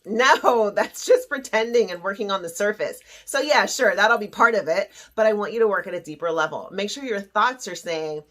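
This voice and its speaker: A woman's voice: mid-range voice, normal speed, hardly any pauses, fairly bright tone. A woman hosting a self-esteem lesson, teaching in a playful, theatrical way and acting out little quoted voices. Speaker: self-esteem coach and show host.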